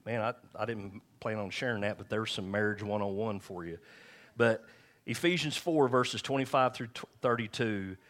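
A middle-aged pastor delivers his sermon in a frank, chatty way, poking fun at himself. His voice sits fairly low, and he slows to a careful pace whenever he reads scripture aloud. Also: a bit bright. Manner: conversational, candid, self-deprecating preaching. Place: church.

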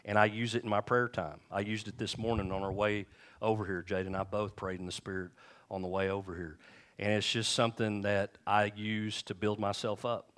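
A middle-aged male pastor preaching a sermon and telling stories, acting out quotes with shifting pitch and volume. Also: little pitch movement, fairly quick, a bit bright.

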